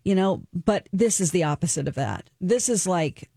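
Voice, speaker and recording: A woman's voice: lowish voice, animated, normal speed, creaky, warm tone, slightly rough, dry recording. Earnest woman talk-radio host, dry sound. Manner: earnest, emotional and open, sharing personal experience. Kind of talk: casual talk-radio chat, reviewing a documentary.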